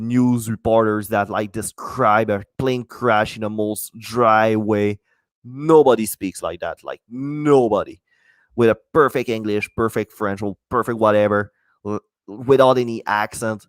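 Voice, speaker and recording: A man talks alone into a close podcast mic in a mid-pitched voice, rambling and cursing freely. He stops and restarts his sentences often. The sound is dry, with no room around it. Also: dry recording. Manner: rambling, profane, many false starts. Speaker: podcast host. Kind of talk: solo podcast monologue.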